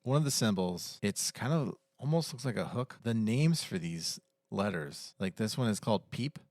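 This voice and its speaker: Chill podcast guy walking through trivia, lowish voice, super dry mic. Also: expressive, moderate pace, darkish tone, no room sound. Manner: explains facts at length, laid-back. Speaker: podcast co-host. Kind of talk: casual chat.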